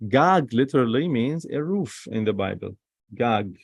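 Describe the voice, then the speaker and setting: A man, teaching the alphabet and repeating each sound slowly while he writes. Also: medium pitch, lively intonation, vocal fry, husky, dry recording, clean studio sound. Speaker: Hebrew teacher. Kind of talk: slow alphabet lesson.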